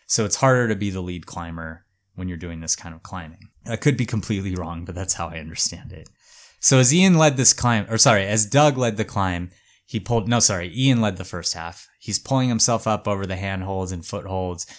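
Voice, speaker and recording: A man hosting a podcast, casually telling a story with a relaxed, hedging manner and lots of fillers. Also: deep voice, a little fast.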